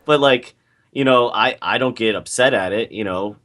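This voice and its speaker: A man's voice: mid-range voice, moderate pace, pushed and bright. A man co-hosting a casual podcast over an online call, talking in a laid-back, hesitant way with lots of fillers. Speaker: podcast co-host. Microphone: call microphone.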